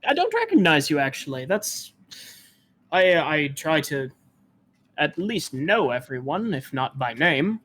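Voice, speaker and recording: A man's voice: on the high side, very animated, a little slow, fairly bright tone, exaggerated voice. A man voicing a hospitable male shopkeeper who chats and stammers a little. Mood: welcoming. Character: friendly male shopkeeper in a small town.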